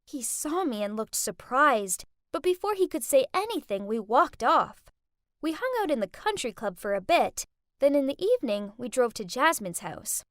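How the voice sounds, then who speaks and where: A woman narrating a first-person animated story in an expressive, dramatic manner. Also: sits high, no room sound, studio quality.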